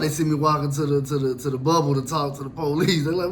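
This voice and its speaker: A man tells a story from his own life in a loose, comic, profane style, acting out the other people as he goes. His voice sits high for a man, and a faint hiss runs under it. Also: steady tone, fast talker. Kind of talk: casual storytelling.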